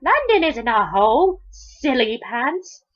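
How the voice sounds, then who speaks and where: A woman voicing a bratty, condescending young girl in a parody storybook reading, with a high, mocking voice. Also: sing-song, normal speed. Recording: dull lo-fi recording.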